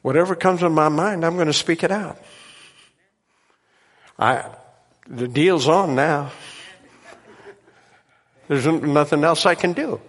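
A man preaching, telling a miracle story in an animated way and laughing at his own tale. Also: on the high side, slow, pauses often, in a large hall. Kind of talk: sermon testimony storytelling.

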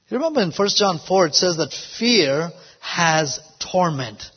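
A male preacher tells a story from his ministry, peppering it with praise and hallelujahs. His voice sits high and husky. The recording is dull and lo-fi, with a long reverb trailing each phrase. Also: expressive, a little slow. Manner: storytelling, frequent "praise God" and "hallelujah" interjections. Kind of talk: sermon with personal testimony.

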